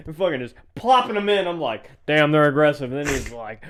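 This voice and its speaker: A man's voice: on the high side, animated, quick pace, hardly any pauses. A young man co-hosting a podcast, chatting loosely and crudely and laughing often. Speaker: podcast co-host. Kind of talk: casual crude chat.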